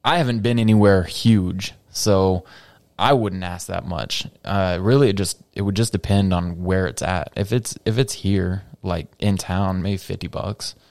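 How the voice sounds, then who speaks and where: A man talking as a guest on a casual podcast, halting with many restarts and easy laughs. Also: deep voice, creaky, a little mellow, dry recording. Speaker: podcast guest, independent wrestler.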